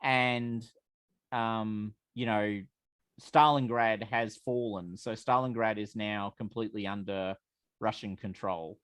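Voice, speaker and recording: A man's voice: on the low side, fairly even intonation, slow, a bit bright, clear, resonant tone, dry recording. A man running a tabletop role-playing game as game master, narrating the scene with many fillers and restarts.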